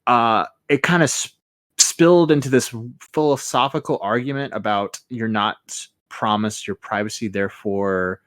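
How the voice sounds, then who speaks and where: Profane animated man, dry close mic. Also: on the low side, moderate pace, no room sound. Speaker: podcast host and moderator. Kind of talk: casual podcast chat.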